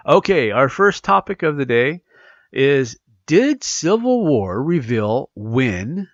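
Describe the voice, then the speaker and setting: Animated, gravelly congested podcast man. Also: medium pitch, no room sound, highs cut off. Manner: rambling, animated, self-correcting. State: congested from allergies. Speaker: podcast host. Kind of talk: casual solo podcast chat.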